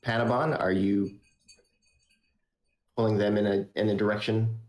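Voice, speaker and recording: A man running a tabletop game as game master, relaxed, with lots of fillers. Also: lowish voice, normal speed.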